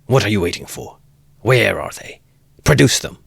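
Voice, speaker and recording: A man voicing a feverish, defiant young male student who shouts accusations. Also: lowish voice, very animated, normal speed, gravelly, breathy edge, no room sound, pitched above the performer's own voice, exaggerated voice. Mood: furious.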